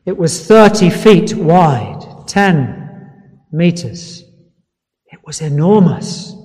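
High-voiced man preaching in a reverberant hall. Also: sing-song, slow, darkish tone. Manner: emphatic, with rhetorical questions to the congregation. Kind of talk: sermon.

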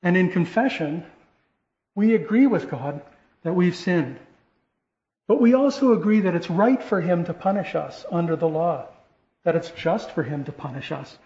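A man preaching with earnest, rising emphasis and frequent restarts. His voice sits a little high for a man and carries a roomy echo. The recording is dull and lo-fi. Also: a little mellow. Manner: earnest, repeats and restarts phrases, rising emphasis on key points. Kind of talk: sermon. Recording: echoey room, dull lo-fi sound.

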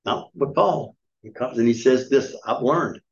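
A man's voice: medium pitch, a little slow, vocal fry, muffled recording. Emphatic middle-aged male pastor preaching. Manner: emphatic, scolding, full of rhetorical questions. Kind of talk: sermon. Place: church.

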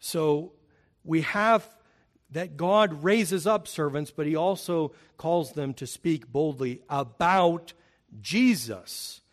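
A man preaching a sermon to his congregation, building emphasis as he drives key points home. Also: slow. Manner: emphatic, rising in pitch and volume on key points. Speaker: pastor.

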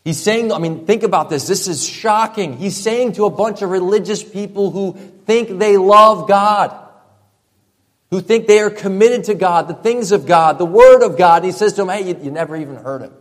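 A male pastor preaching a sermon, emphatic, dropping to a hush for effect and piling up repeated phrases. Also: high voice, normal speed. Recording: long reverb from a large hall.

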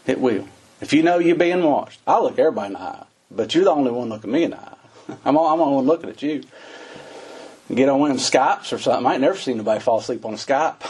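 A man's voice: mid-range voice, darkish tone, breathy edge. A middle-aged man preaching a sermon in a folksy, conversational way, asking his listeners rhetorical questions.

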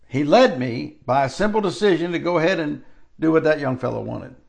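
Gravelly older man preaching a sermon. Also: on the high side, animated. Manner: conversational, drawn-out emphatic phrases. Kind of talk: sermon with personal storytelling.

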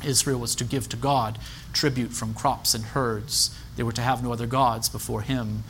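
A man preaching a sermon as pastor, measured and emphatic, repeating key phrases. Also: medium pitch, steady tone, a bit bright, slight background noise.

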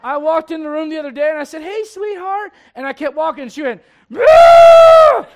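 Pastor, male, very high voice, lively sermon that swings from soft asides to shouting. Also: rapid-fire, some chatter behind. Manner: animated preaching, swings from quiet asides to shouted emphasis; conversational, laughs with the congregation.

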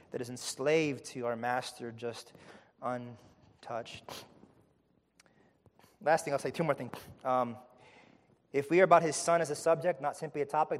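A man preaching a sermon to his congregation, building to loud emphatic peaks with repeated phrases, then dropping low and quiet. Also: normal speed, long pauses, long reverb tail. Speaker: pastor.

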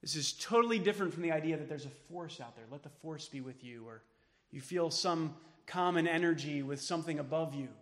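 A man preaching a sermon as pastor, emphatic, then dropping to soft tones for quoted words of comfort. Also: a little high, fairly quick, big-room sound. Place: church sanctuary.

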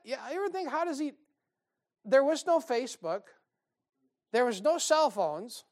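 Male preacher, conversational sermon, sarcastic and wry, peppers it with rhetorical questions and scripture reading. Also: very high-pitched.

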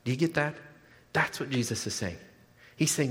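A man preaching a sermon as a pastor, animated, often repeating his words and checking in with the congregation. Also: medium pitch, normal speed. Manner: animated, repeats words, asks the crowd "right?". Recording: long hall reverb.

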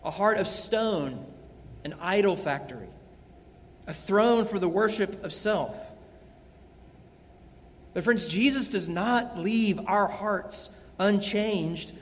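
A man's voice: high-pitched, takes it slowly, pauses often, slight background noise. A man preaching a sermon as a pastor, earnest and emphatic, repeating key phrases. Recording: long hall reverb.

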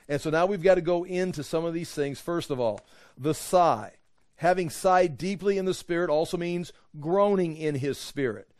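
A man's voice: a little high, darkish tone, no echo, studio quality. A man teaching a Bible study, walking through verses and Greek words and acting out quoted voices and rhetorical questions.

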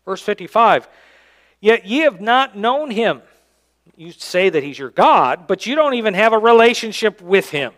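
A man, the church's pastor, preaching a sermon and reading scripture aloud, swinging between loud emphatic lines and quiet low endings. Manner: reads scripture aloud in King James wording. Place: church sanctuary.

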